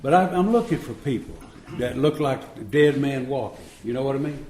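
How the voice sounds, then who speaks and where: A man in his 70s tells his recovery story to a meeting room, folksy and chuckling as he acts out the dialogue. His mid-range voice has a darkish tone, lively intonation and a fairly quick pace, captured in a roomy live recording.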